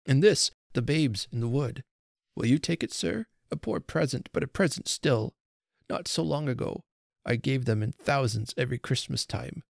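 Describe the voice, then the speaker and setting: A man's voice: medium pitch, animated, normal speed, gravelly, no room sound, studio quality. A man reading aloud as a frightened, humble old Father Christmas, speaking timidly and apologetically. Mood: timid pleading. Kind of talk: storybook reading.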